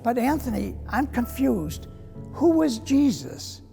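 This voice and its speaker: A man voicing an excited, bewildered older mother who gushes over a film. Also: very high-pitched, slow, creaky, faint music behind, voice pushed up, heavily acted. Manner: gushing, bewildered.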